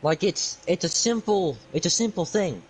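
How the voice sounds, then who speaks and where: A man's voice: high voice, animated, normal speed, a little hiss or hum, low-quality recording. A young man telling an exasperated, sarcastic, rambling story on a livestream. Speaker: streamer.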